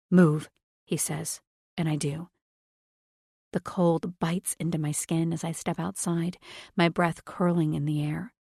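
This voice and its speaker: Low-voiced woman narrating an audiobook. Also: vocal fry, darkish tone, no room sound, clean studio sound. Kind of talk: scripted first-person narration.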